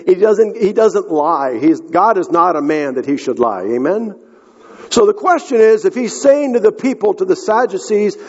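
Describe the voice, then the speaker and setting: A man's voice: sits high, a little mellow, husky. A man preaching a sermon as pastor, earnest and given to restarting his phrases, recorded in a large church hall. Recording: dull sound with long hall reverb.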